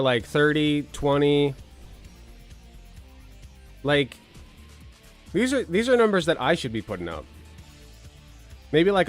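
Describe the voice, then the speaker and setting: A man hosting casual political commentary, rambling with sarcastic, crude jokes and swearing. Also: a little high.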